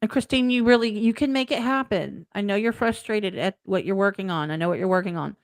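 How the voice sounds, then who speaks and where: A chatty woman hosting a casual stream, her voice at a middle pitch. The recording is dry and close, with no room around her. She speaks encouragingly and acts out past conversations as she tells them. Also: brisk, no echo. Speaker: streamer and host. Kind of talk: casual chat.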